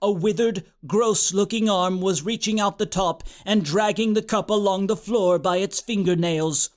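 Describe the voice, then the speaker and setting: A man with a high voice reads a comic fantasy story aloud. His delivery is deadpan and brisk, and he lets the silly details land without fuss. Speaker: narrator. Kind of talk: comic audiobook narration.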